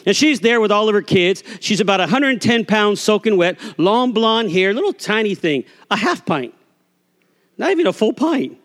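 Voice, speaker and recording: A man's voice: high voice, sing-song, normal speed, fairly bright tone, in a large hall. A man preaching a sermon as a pastor, telling a folksy story and acting out the voices of the people in it. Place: church sanctuary.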